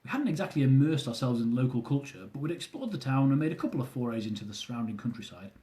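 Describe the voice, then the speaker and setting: A man's voice: medium pitch, sing-song, fast, dark tone. A young man reading aloud from his own travel memoir, with dry, self-mocking humour.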